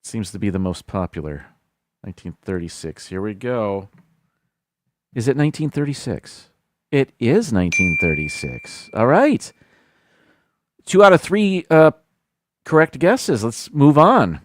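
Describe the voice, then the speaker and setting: A man's voice: medium pitch, big pitch swings, unhurried, long pauses, no room sound. A man hosting a casual live stream, thinking aloud and reading out viewers' guesses.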